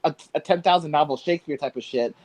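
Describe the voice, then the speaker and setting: A man co-hosting a podcast talks in a slightly high voice, enthusiastic and a bit rambling, with casual swearing. His close mic sounds dry. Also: fast talker, darkish tone, dry recording. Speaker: podcast co-host.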